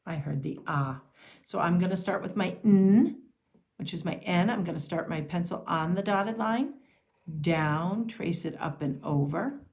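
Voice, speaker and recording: A woman teaching young children to sound out and write simple words, speaking slowly and clearly. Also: fairly low pitch, a little mellow. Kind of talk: early-reader phonics and handwriting lesson.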